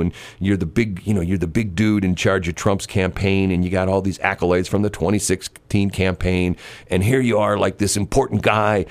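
A man's voice: low-pitched, darkish tone. A man hosting a casual chat, telling a long story in a rambling way with many fillers and restarts.

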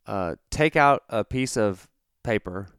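A male podcast host with a very smooth, resonant, lowish voice. He talks in an upbeat, loose way, often cutting in. The sound is close and dry. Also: lively intonation, slow, fairly bright tone, dry recording. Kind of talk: casual interview talk.

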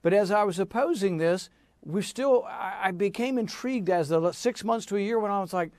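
Interview guest: man, fairly high pitch, animated and emphatic, dry close-miked sound. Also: fairly quick, dry recording. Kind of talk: interview answer.

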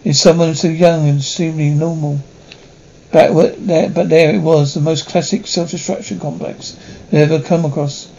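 An actor playing a smooth, condescending male army psychologist in a 1960s television drama, talking in a persuasive, coaxing way. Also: fairly high pitch, fairly even intonation, normal speed, warm tone. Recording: dull lo-fi 1960s TV soundtrack.

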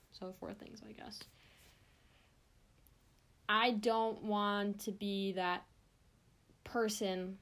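Slow-talking young woman podcaster. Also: medium pitch, bright, forceful tone. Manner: earnest, rambling, openly emotional. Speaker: podcast host. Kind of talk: casual podcast monologue.

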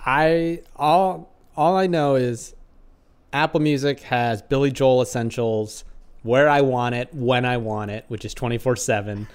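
A man's voice: mid-range voice, fairly even intonation, measured pace, clean tone. A man co-hosting a podcast, teasing in casual banter. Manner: teasing, laughs often. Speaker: podcast co-host.

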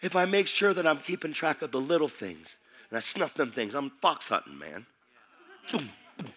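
Bright-voiced excitable male preacher. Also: a little high, moderate pace. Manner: excitable, preaches with rising intensity. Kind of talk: sermon.

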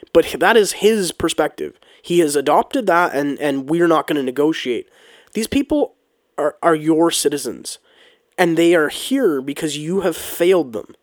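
A man's voice: on the high side, dry recording, clean studio sound. Heated man ranting. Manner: heated, ranting, swears, frequent restarts and ums. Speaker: political commentator. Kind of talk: casual opinion monologue.

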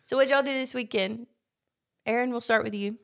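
A woman's voice: a little high, fairly even intonation, fairly quick, creaky, fairly bright tone. A woman hosting a podcast, teasing her co-hosts and laughing often. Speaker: podcast host. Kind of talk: casual chat.

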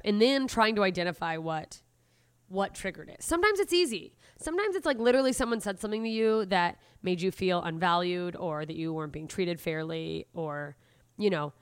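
Rambling woman with a low smooth voice. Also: no room sound, clean studio sound. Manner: rambling, self-correcting, many fillers. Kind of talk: casual talk on emotional triggers.

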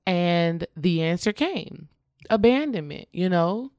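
Speaking at a measured pace in a fairly low voice, a woman chats casually, earnestly drawing on her own experience to coach the listener and frequently asking "okay?" When quoting dialogue, she acts it out in lively voices. The audio is clean studio sound without room sound.

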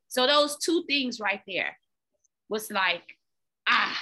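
A woman guest, a fitness coach, telling her own story candidly, animated and often repeating words. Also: mid-range voice, takes it slowly. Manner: animated, repeats words, talks to listeners as "y'all".

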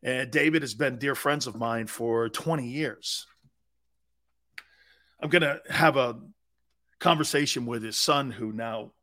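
A man's voice: medium pitch, a bit bright. A man hosting a live sports talk show, telling a long, rambling anecdote in a casual way.

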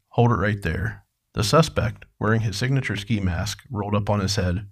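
Guy with a kinda husky lowish voice, narrating true crime then asking his cohost stuff. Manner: questioning, conversational. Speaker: podcast co-host.

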